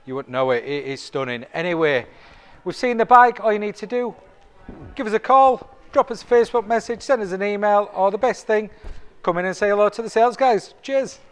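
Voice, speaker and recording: A man's voice: sits high, fairly quick, clear, resonant tone. A man presenting a motorbike for sale in a chatty, enthusiastic walkaround. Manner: chatty, enthusiastic salesman patter. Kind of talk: sales walkaround video.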